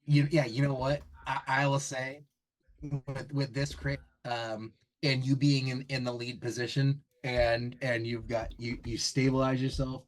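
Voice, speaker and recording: A man narrating as game master of a tabletop game, halting often with ums and restarts. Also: medium pitch, level tone, poor audio.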